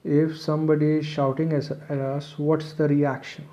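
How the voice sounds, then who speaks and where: A man's voice: fairly high pitch, level tone, moderate pace, dark tone. A man presenting a webinar lecture, explaining step by step, repeating his phrases and checking in with "okay". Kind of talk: online lecture.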